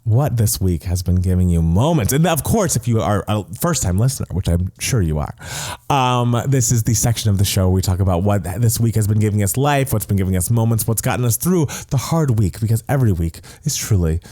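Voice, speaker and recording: A young man co-hosting a podcast in casual chat, expressive and playful. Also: on the low side. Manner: expressive, quick to agree, playful. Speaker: podcast co-host.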